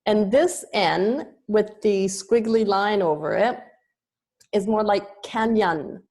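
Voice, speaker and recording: A woman's voice: mid-range voice, darkish tone. A woman yoga teacher explaining Sanskrit pronunciation, sounding out letters one by one. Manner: explanatory, demonstrates sounds slowly.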